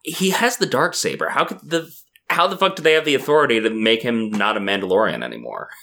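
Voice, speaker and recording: A man's voice: mid-range voice, fast talker. A man co-hosting a podcast, chatting casually and arguing his points with animation. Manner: animated, argumentative. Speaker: podcast co-host. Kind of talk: casual chat.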